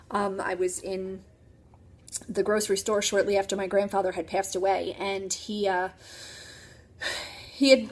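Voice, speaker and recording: A woman in her thirties from New Jersey, telling a personal story to camera in an earnest, halting way with many ums and restarts. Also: medium pitch. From New Jersey, USA. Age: 30s.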